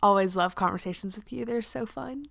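A young adult woman hosting a podcast, chatting casually, bubbly and quick to laugh, with lots of "like". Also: mid-range voice, vocal fry, a bit bright. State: pregnant. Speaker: podcast host. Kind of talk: casual chat.

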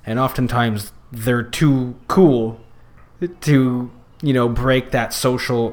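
A man chatting as a podcast guest, his voice pitched in the middle. He rambles through his points with plenty of fillers and false starts, in a loose conversational way. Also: steady tone, takes it slowly. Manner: rambling, many fillers and restarts. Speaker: podcast guest, youth circus worker. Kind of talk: casual chat.

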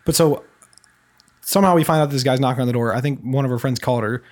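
A man's voice: medium pitch, fast, darkish tone. A young man casually telling a story, rambling with many fillers and restarts.

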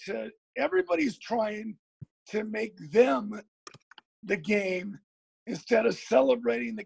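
A middle-aged man from Oregon, a high school football coach, telling stories as a guest in a rambling, earnest way with many repeated words. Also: vocal fry, slightly rough, no room sound. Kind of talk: guest storytelling on a podcast.

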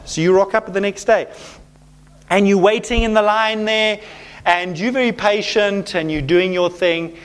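A man preaching a sermon as pastor to a live congregation. He talks in an animated way and keeps checking in with "okay?". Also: high-pitched, a little slow, smooth.

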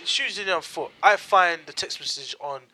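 A man in casual podcast banter, excitable and slangy, repeating his points. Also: sits high, a little fast. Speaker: podcast co-host.

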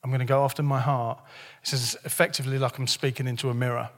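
A male pastor preaching a sermon in a church, lively and joking in a conversational way, his voice a bit hoarse. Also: mid-range voice, quick pace, in a large hall. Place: church hall.

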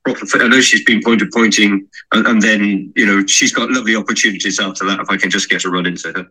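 A man, a racehorse trainer, chipping in on a podcast interview in a quick, chatty way. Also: fairly low pitch, steady tone, bright, forceful tone, slightly rough, low-quality recording.

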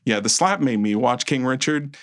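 A man co-hosting a casual podcast, his voice sitting at an ordinary middle pitch. He talks in an animated, playfully exaggerated way and hams up mock threats. The sound is dry and close, with no room echo. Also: normal speed. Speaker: podcast co-host. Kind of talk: casual chat.

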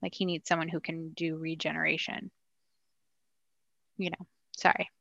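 A woman co-hosting a podcast, chatting casually about a TV show and slipping into quick voices when she quotes people. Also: deep voice, little pitch movement, creaky, pushed and bright, dry recording, muffled recording. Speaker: podcast co-host.

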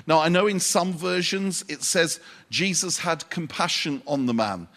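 Slow, measured male preacher. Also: fairly high pitch, a bit bright. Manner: unhurried, pausing for emphasis, with dry asides. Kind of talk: sermon.

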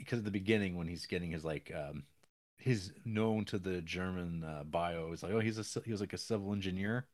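A deep-voiced man co-hosting a podcast recaps a film casually and rather quickly. He rambles, acts out quotes, and laughs as he goes.

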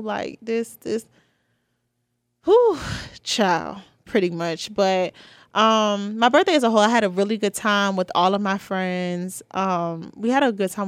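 A woman's voice: medium pitch, clean tone, no echo. Chatty young woman. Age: 20s. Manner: chatty, heartfelt, with many fillers. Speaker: podcast host. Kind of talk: casual personal monologue.

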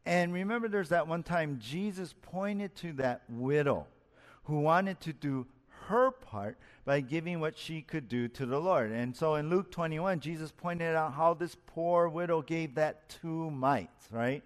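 A man's voice: on the high side, measured pace, long reverb tail. A man preaching a sermon as a pastor, earnest, rising and dropping his voice for emphasis and asking his listeners questions.

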